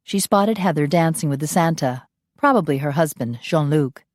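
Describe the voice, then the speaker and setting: A woman narrates an audiobook in a steady, measured delivery. Her voice is low. The recording is dry, with no room sound. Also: dry recording.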